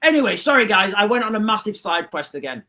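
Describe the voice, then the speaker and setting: A man's voice: sits high, sing-song, fast, sharp tone. A middle-aged man, hosting a livestream and telling a rambling story to his chat with many restarts. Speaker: livestream host. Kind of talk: casual storytelling to a live chat.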